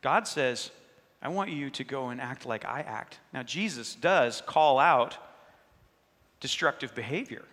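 Man, pastor, sermon, bright tense voice, long hall reverb. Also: mid-range voice, expressive, measured pace. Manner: earnest, conversational preaching with quoted inner dialogue.

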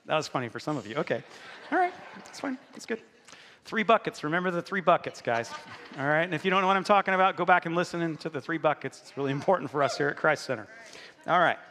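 A man's voice: fairly high pitch, fast, slight background noise. A man preaching a sermon to his congregation, joking and talking straight to the room. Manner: joking, animated, talks to the congregation. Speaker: pastor. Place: church hall. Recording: live in a reverberant hall.

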